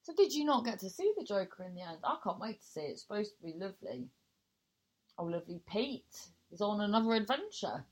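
A woman presenting a chatty radio show, reading out listener messages and reacting with animated exclamations. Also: fairly quick. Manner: animated, exclaiming, swings high in surprise.

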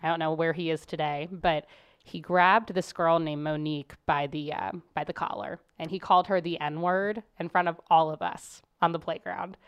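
Smooth, lower-voiced woman hosting a chat. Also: steady tone, normal speed, highs cut off. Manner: rambling, full of "like" fillers, acts out quotes. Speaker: podcast host. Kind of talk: casual storytelling chat.

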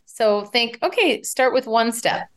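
Animated woman speech coach. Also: on the high side, unhurried. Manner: animated, demonstrates vocal variety while explaining. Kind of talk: advice interview.

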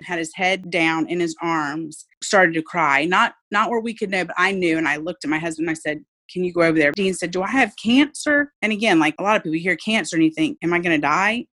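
A woman's voice: lowish voice, steady tone, fast talker, hardly any pauses, a bit bright. A woman, a mother speaking earnestly and with faith about her child's illness in an interview. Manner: heartfelt, faith-filled, earnest. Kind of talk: emotional personal interview.

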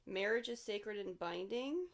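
A woman's voice: medium pitch, expressive, measured pace. A woman co-hosting a faith podcast, steadily reciting scripture and listing its points in short phrases. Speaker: podcast co-host.

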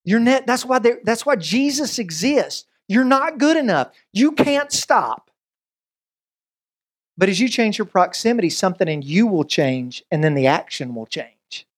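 Animated pastor preaching. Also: male voice, sits high. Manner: conversational, animated preaching with quick asides and voiced quotes. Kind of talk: sermon.

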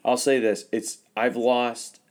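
A man's voice: mid-range voice, flat delivery, takes it slowly, a little mellow. A man co-hosting a podcast, chatting casually and enthusiastically, often trailing off with "you know.". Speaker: podcast co-host. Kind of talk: casual chat.

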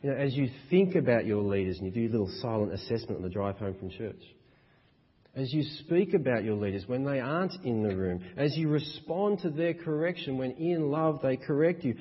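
Aussie pastor preaching, husky voice, dull boomy church hall sound. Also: male voice. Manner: emphatic, rhythmic repetition with rising stresses. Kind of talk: sermon.

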